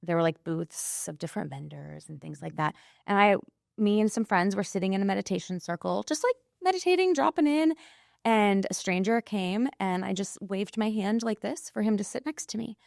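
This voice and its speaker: A woman guest, an intuitive coach, telling a personal story in an interview, animated and acting out the people she quotes. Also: mid-range voice, moderate pace, gravelly, no echo, studio quality.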